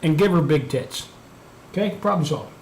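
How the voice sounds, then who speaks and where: A man's voice: fairly high pitch, lively intonation, moderate pace, a little mellow. Profane man rambling on a live stream. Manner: profane, storytelling, muttering to himself while working. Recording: echoey room, faint background noise.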